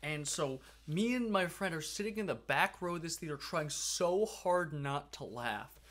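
A young man co-hosting a casual podcast, telling a story with animated, profane energy. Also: on the high side, unhurried. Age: young adult. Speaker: podcast co-host.

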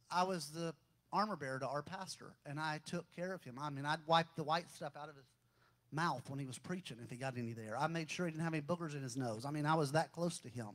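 A middle-aged man, a pastor giving a folksy personal testimony in a sermon that builds into fervent, raised exhortation. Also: on the high side.

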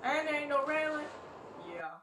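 A woman reacting to a movie for the first time, excitable and slangy, gasping and laughing at what she sees. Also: high-pitched, normal speed, distant mic, noisy background. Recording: echoey room, set back from the mic.

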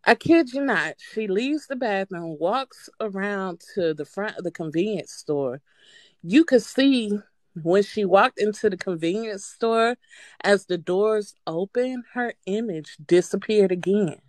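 Female caller, casual, profane, very expressive pitch, dry sound. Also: unhurried, no room sound. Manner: animated, swearing, breaks into nervous laughter. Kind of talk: casual storytelling.

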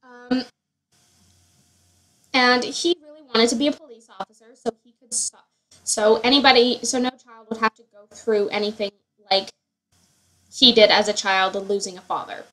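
A woman's voice: on the high side, steady tone, moderate pace, a bit bright, low-quality recording. A young woman giving casual, rambling commentary on her Sims family, full of fillers and self-corrections. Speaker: Sims player.

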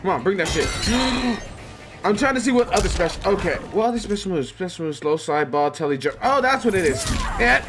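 A man giving casual, excitable commentary on his own gameplay, swearing, laughing and yelping at the action. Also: sits high, fairly quick. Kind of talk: casual let's-play commentary. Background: game music and sound effects.

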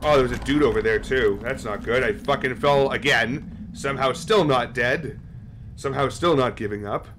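A man's voice: medium pitch, moderate pace, a bit bright, a little hiss or hum. A man live-streaming a horror game, talking casually and swearing as he chats with his viewers. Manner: casual and profane, chatting with viewers.

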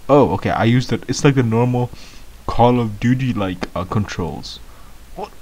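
A man giving excitable, baffled gameplay commentary as a first-time gamer, laughing often. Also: medium pitch, normal speed, breathy edge.

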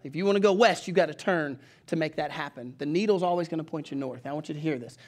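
A middle-aged man with a Southern country accent preaches in a fairly high voice. His delivery is folksy and conversational, with frequent calls for the congregation to follow along in their Bibles. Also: quick pace, darkish tone. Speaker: pastor. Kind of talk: sermon.

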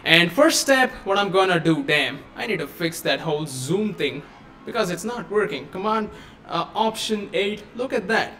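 A young man with a high voice walks through a program on his computer in a casual live-stream tutorial. He talks loosely and thinks aloud as he clicks, close to a desk microphone. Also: lively intonation, moderate pace, bright, forceful tone, faint music behind. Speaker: software tutorial host.

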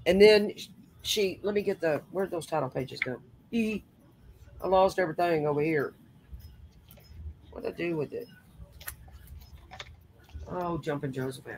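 A woman's voice: deep voice, measured pace, pauses often, a little mellow, slight background noise. A woman hosting a casual crafting chat, talking as she works and tossing in folksy exclamations. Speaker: host.

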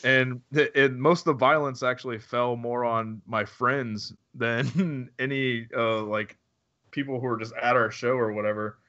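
Man, interview host, mid pitch, relaxed, profane, dull lo-fi sound. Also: a little slow. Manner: relaxed, profane, laughs often. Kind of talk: casual interview chat. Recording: dull lo-fi recording.

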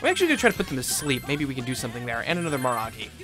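A woman hosting a let's play, giving casual gameplay commentary in an expressive, jokey way and getting spooked easily. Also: extremely low pitch, rapid-fire, over music.

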